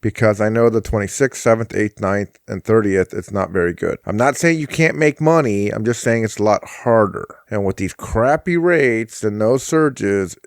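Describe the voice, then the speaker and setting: A man's voice: fairly low pitch, normal speed, hardly any pauses, no room sound, studio quality. A man in his forties hosting a casual podcast as a rideshare driver, telling stories in a chatty, self-deprecating way with frequent restarts.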